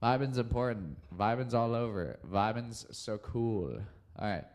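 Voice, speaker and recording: A man's voice: mid-range voice, unhurried. A young man hosting his own podcast alone, chatting casually and rambling with lots of "um" and "like.". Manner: rambling, relaxed, heavy on fillers like "um" and "like". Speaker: podcast host. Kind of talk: casual solo podcast chat.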